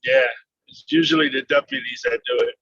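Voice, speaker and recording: A man telling casual, animated stories about serving papers, laughing and swearing as he goes, over a video call. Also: medium pitch, brisk. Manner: animated, laughing, swearing, acts out voices in anecdotes. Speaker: process server. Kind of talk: casual storytelling chat. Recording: dull, dry video call audio.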